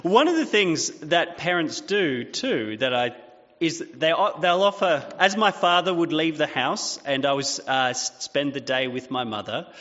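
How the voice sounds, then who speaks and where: A man's voice: a little high, expressive, measured pace, bright, forceful tone. A man in his thirties giving a sermon as pastor, in a chatty storytelling way with fillers. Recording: dull sound with long hall reverb.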